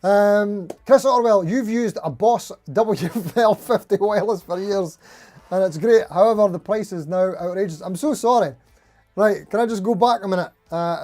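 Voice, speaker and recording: A man's voice: high voice, darkish tone. A man hosting a casual live stream, rambling and laughing at himself as he reads out supporter names.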